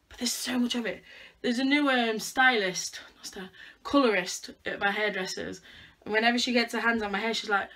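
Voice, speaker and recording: A woman's voice: mid-range voice, lively intonation, normal speed, bright, forceful tone, slight background noise. A young woman chatting casually at home in a vlog, thinking aloud in a self-mocking, chatty way while she styles her hair. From United Kingdom. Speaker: vlogger.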